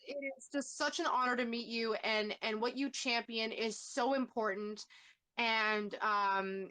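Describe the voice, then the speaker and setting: A Canadian woman hosts a casual live interview, her voice slightly high. She gushes with feeling, full of ums and restarts, at times near tears. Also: pushed and bright. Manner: gushing, emotional, many fillers and restarts. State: tearful. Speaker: host.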